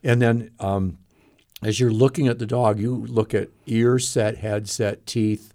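A man's voice: on the low side, steady tone, measured pace, warm tone. A man who is a retired veterinarian co-hosting a casual radio interview, chatty and fond of telling stories. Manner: chatty, storytelling, laughs easily.

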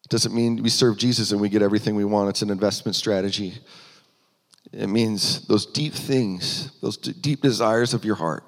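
A man's voice: fairly low pitch, steady tone, normal speed. A man preaching a sermon in an earnest manner, voice rising for emphasis, with frequent restarts. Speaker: pastor. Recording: long hall reverb.

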